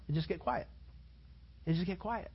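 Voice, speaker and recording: A man preaching a sermon as a pastor, telling stories in an animated way, repeating phrases and acting out what people said. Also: high-pitched, normal speed, slightly rough, highs cut off. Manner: animated storytelling, repeats phrases and acts out quotes.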